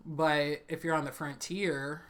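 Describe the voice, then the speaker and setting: A woman's voice: low-pitched, flat delivery, a little slow. A woman hosting a reaction video, chatting casually and giving opinionated asides.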